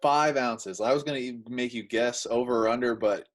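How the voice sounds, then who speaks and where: A man chatting casually as he explains and demonstrates arm training drills, with relaxed everyday examples. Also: medium pitch, moderate pace, rough recording. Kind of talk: casual instructional chat.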